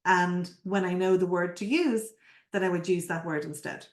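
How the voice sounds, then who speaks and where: A woman coach giving a live presentation, energetic and full of rhetorical questions to her audience. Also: fairly low pitch, normal speed. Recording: roomy echo.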